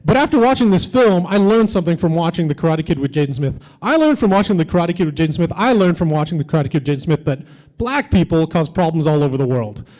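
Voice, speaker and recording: A man's voice: on the high side, animated, fast talker, darkish tone, low-quality recording. A man doing a stand-up comedy set on a convention stage, with edgy, teasing banter toward the crowd.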